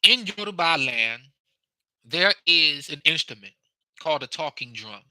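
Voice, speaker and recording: A young adult man in a casual teaching talk, speaking deliberately and playing with his voice's inflections to make points. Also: on the high side, expressive, sharp tone, dry recording, low-quality recording. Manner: slow, deliberate, demonstrative with vocal inflections. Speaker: host.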